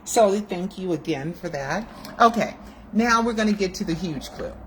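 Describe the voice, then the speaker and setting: A woman's voice: lowish voice, expressive, normal speed, a little hiss or hum. A woman in her sixties hosting a casual video chat from her home, talking in a digressive, emotional way. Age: 60s. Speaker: video host. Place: home room.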